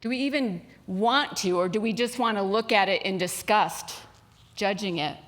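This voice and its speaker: A woman minister speaks to her congregation in a relaxed, conversational way. Her voice sits at a middle pitch, and she drifts into asides as she tells stories. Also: moderate pace. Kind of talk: sermon. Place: spiritual center sanctuary.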